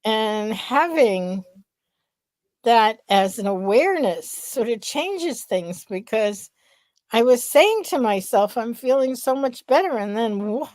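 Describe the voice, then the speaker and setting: A woman co-hosting a podcast, speaking slowly and thinking aloud in a casual chat. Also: medium pitch, a little mellow, dry recording. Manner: slow, reflective, thinks aloud. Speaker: podcast co-host.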